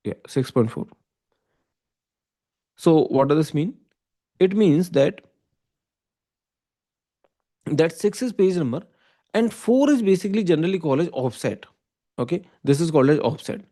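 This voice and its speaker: A man with an Indian English accent teaches an online class. His voice sits a little high and has a mellow tone. He works through each step slowly and keeps checking that the listener follows. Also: expressive. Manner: explains step by step, often checking with "okay?" and "right?". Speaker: computer science teacher. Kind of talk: online lecture.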